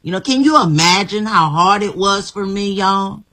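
Woman guest, husky and bright, slow and emphatic, talks with lots of repeats. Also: mid-range voice, lively intonation. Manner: emphatic, repeats herself, laughs often. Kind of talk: inspirational interview talk.

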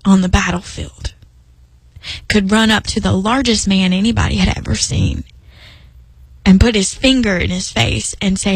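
A woman's voice: medium pitch, steady tone, normal speed, breathy edge, no echo, poor audio. A young woman speaking earnestly about faith in a personal devotional talk, emphatic and rambling with restarts. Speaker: Christian speaker.

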